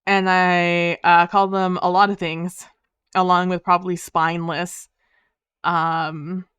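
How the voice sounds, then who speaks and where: A woman livestreaming, telling a story to her chat in a casual way. She swears freely, talks in quick, heated bursts and fills her talk with "um" and "like". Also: lowish voice, level tone, fairly bright tone, clean tone, no room sound, lo-fi sound. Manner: frequent fillers like "um" and "like".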